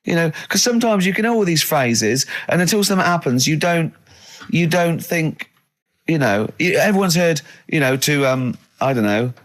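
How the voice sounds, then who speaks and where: A man's voice: on the high side, animated, normal speed. A man hosting a radio show in a studio, chatting casually and rambling through his thoughts with frequent laughter. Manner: rambling, laughs often, pleased with himself.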